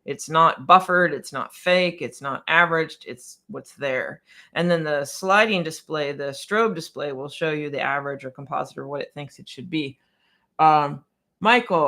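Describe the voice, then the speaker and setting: A woman's voice: low-pitched, normal speed, a bit bright. A woman piano technician answering viewer questions on a casual livestream, chatty and a bit scattered, with frequent restarts and laughter.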